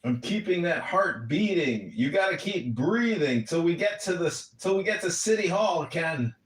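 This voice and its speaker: A man hosting a casual live audio chat, upbeat with loud greetings and salesy banter. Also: a little high, animated, normal speed. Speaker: host. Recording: echoey, from far off the mic.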